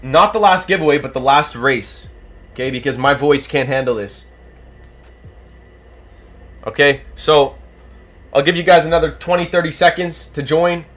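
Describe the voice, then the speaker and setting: Guy hosting a livestream, voice going hoarse, hyped up calling a duck race, kinda high voice. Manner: animated, rapid play-by-play shouting. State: losing his voice. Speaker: livestream host.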